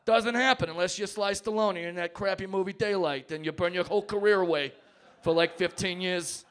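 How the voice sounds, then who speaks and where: A man doing a stand-up comedy argument on a pub stage, brash and mock-tough, swinging between loud rants and mock-tearful asides. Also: high voice. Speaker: comedy debater. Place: pub stage before a live audience.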